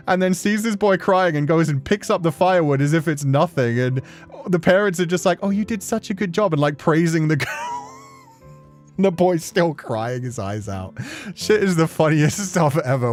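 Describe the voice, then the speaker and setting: A young man chatting casually on a stream, telling stories with many fillers and laughs. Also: a little high.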